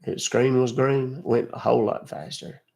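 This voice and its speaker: Gravelly older man, folksy and exasperated. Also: medium pitch, little pitch movement, normal speed, darkish tone. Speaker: scam-baiting streamer. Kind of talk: live call with a scammer.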